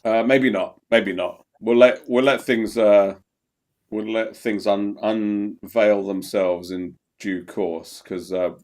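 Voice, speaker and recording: A man's voice: fairly low pitch, fairly even intonation, slow, darkish tone. A man hosting a podcast in casual chat, hesitant and wry, trailing off and circling back. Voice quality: hesitant, vague, full of ums and restarts, wry. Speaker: podcast host.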